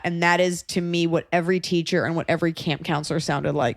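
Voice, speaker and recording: Woman from texas chatting on a podcast, lowish voice, jumps up high for quotes, dry sound. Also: fairly even intonation, fast talker, creaky, dry recording. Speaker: podcast host. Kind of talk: casual chat.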